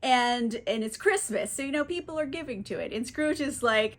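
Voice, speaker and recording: High-pitched woman book vlogger, chatty, lots of likes and swearing. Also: expressive, normal speed, hardly any pauses. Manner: chatty, filler-heavy, swearing, laughing often. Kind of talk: casual book recap.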